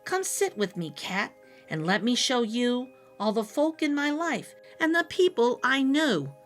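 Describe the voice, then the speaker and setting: A gentle, soft-spoken old lady from a storybook, kind and a little lonely, as a woman reads her aloud. Her voice lifts and dips with a lively swing. Faint music plays under it. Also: a little high, unhurried. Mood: fond.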